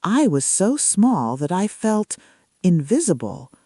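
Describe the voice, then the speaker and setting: A big, kindly giant from a bedtime storybook speaks in a soft, gentle way, as a woman narrator puts him on. His voice is mellow and slow-paced, with a lively rise and fall. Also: fairly low pitch, husky, no echo, studio quality, full character voice. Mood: reassuring. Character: gentle kind male giant, huge and calm.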